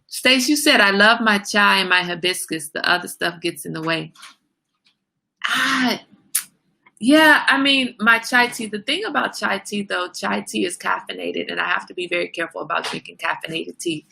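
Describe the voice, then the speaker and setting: Lady chatting on her livestream, gravelly and husky, bright edge to it. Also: mid-range voice, normal speed. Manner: chatty, talks straight to viewers. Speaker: livestream host. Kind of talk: casual livestream chat.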